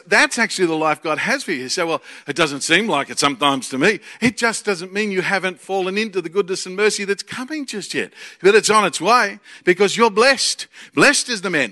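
A man with an Australian accent preaching a sermon, excitable and jokey, swinging from loud bursts to quiet asides. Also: sits high. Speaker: preacher and Bible college teacher.

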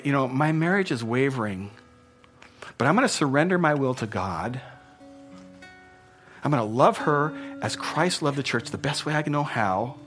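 A man preaching a sermon in a church, earnest, repeating phrases for emphasis and swinging from soft to loud. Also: fairly high pitch. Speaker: pastor. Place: church hall.

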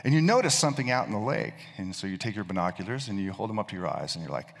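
A man's voice: fairly low pitch, expressive, racing, vocal fry. A male pastor preaching a sermon, telling a story and often repeating words as he thinks. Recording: long reverb of a large hall.

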